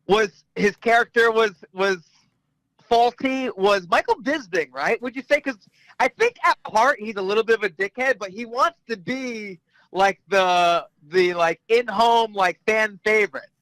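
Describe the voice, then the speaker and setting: A man hosting a podcast who talks in a halting way, searching for his words in casual chat. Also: sits high, fairly bright tone, dry recording, rough recording.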